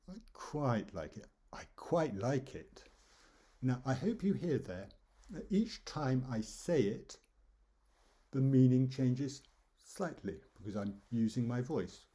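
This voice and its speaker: A man gives a calm lesson on pronunciation, walking through slides and acting out example phrases with shifting stress. His voice sits a little low and sounds dark and mellow, with a husky edge. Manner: relaxed explanatory, demonstrates stress and intonation. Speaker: English teacher.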